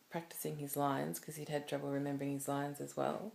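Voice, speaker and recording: A woman's voice: low voice, level tone, brisk, vocal fry, a little mellow. A woman talking to camera in a personal vlog, telling a story in a rambling, emotional way with many restarts. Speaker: vlogger.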